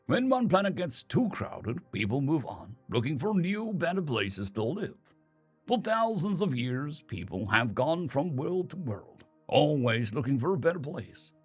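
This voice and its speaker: A man voicing a gentle young father who explains things slowly and patiently to his son. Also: fairly high pitch, big pitch swings, slightly rough, soft background music, exaggerated voice. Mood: patient, explaining. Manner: slow, explaining tone.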